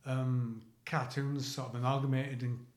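A man's voice: mid-range voice, little pitch movement, a little slow, echoey room. A man co-hosting a podcast, chatting casually in a rambling, self-mocking way. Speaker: podcast co-host. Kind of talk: casual chat.

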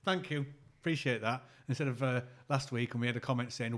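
A man co-hosting a podcast in casual chat, halting and stammering, laughing often. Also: medium pitch. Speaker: podcast co-host.

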